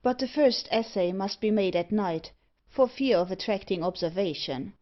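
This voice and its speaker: Woman voicing sinister male keeper, cold, scheming, measured delivery, audiobook reading. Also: medium pitch, muffled recording, lightly acted.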